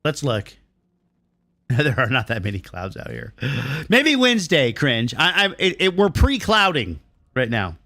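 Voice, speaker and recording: A man's voice: mid-range voice, huge pitch swings, unhurried, pushed and bright, no room sound. A middle-aged man streaming a game and answering his chat, ranting bluntly and swearing freely. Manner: blunt, profane, riled-up ranting.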